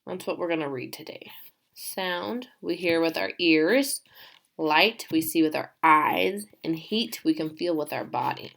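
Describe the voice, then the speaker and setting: A woman teacher giving a remote class, reading a story aloud and asking her pupils questions in an animated way. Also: fairly low pitch, moderate pace, vocal fry.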